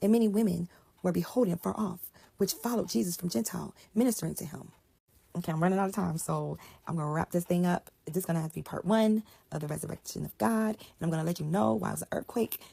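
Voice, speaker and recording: A woman retelling a Bible passage in a casual, animated way, explaining as she goes and often dropping to a hushed whisper. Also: lowish voice, fast talker, gravelly, slightly rough, no echo. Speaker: Bible storyteller.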